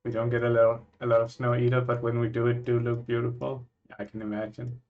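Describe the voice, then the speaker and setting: A man from Scandinavia, a vlogger reacting to places in casual chat, musing and thinking out loud with frequent restarts. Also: medium pitch, completely flat delivery, fairly quick, phone-quality sound.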